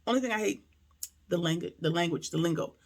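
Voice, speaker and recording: A woman's voice: on the low side, fast talker. A woman giving a casual, slangy episode recap and review, animatedly acting out the characters' lines.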